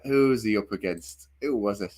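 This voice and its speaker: A man's voice: fairly low pitch, normal speed, darkish tone. A man co-hosting a livestream in casual chat, laughing often and swearing freely as he banters. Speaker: livestream co-host.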